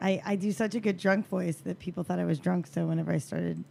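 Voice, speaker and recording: Gravelly-voiced woman joking bawdily. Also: fairly low pitch, fairly even intonation, quick pace, warm tone, a little hiss or hum. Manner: bawdy, self-mocking jokes. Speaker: podcast guest, actor. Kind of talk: casual drinking podcast chat.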